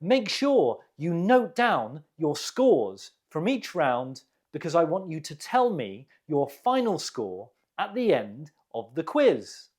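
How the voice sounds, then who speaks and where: Male english teacher, very slow delivery, lively pitch, quiz host. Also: breathy edge. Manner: slow, deliberate model pronunciation. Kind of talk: quiz lesson.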